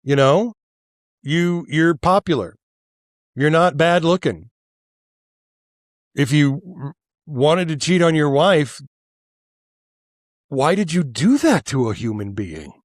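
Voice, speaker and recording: A man's voice: fairly high pitch, expressive, takes it slowly, long pauses, no echo, clean studio sound. A male podcast host delivering a heated, profane political monologue, worked up and angry, stammering and restarting as he goes.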